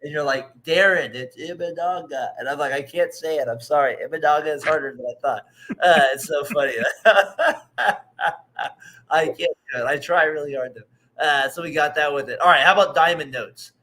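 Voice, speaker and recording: Man, co-host, casual sports talk, rambling, laughs a lot, bright voice. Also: fairly high pitch, normal speed. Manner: rambling, laughs often, acts out quotes.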